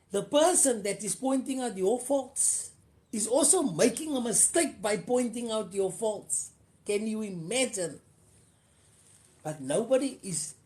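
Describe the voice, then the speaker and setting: Cape coloured lady chatting on her live stream, mid-pitched, says things twice to hammer them home. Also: dark tone. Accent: Cape Coloured South African. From South Africa. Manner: mixes English and Afrikaans, repeats phrases for emphasis. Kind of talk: casual live-stream chat.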